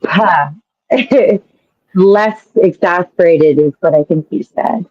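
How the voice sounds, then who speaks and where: A woman practicing words slowly and carefully alongside a teacher, chatting casually. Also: on the low side, darkish tone, dry recording, lo-fi sound. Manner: very slow, careful repeating of words. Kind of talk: casual lesson chat.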